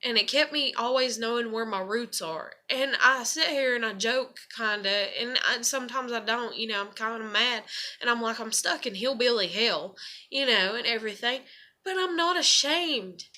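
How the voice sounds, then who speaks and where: A woman's voice: fairly high pitch, normal speed, bright, forceful tone. A young woman, venting in a rambling, emotional and frank monologue. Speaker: vlogger.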